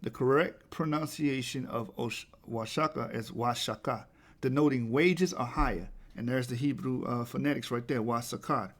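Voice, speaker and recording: A man presenting a lecture over slides, reading quotes aloud and restarting words as he goes, his delivery rising to forceful emphatic peaks. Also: medium pitch, normal speed.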